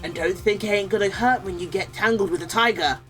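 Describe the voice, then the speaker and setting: A woman acting out a brash male loan shark with a Brooklyn-leaning accent that keeps drifting Australian. He talks in gruff, menacing street slang. Faint game music sits underneath. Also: medium pitch, a little fast, a bit bright, lightly acted. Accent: Brooklyn attempt, sounds Australian. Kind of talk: reading game dialogue aloud.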